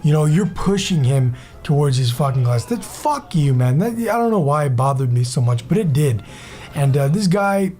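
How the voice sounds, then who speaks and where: A man's voice: a little high, expressive, normal speed, a little mellow. Young man ranting on his gaming channel. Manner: heated, rambling, swears a lot, many fillers and restarts. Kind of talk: casual vlog rant.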